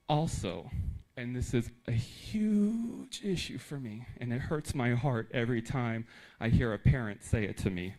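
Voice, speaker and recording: A man from the United States giving a conference talk to teachers in a lively, emphatic way with joking asides. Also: medium pitch, moderate pace, low-quality recording. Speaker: teacher trainer.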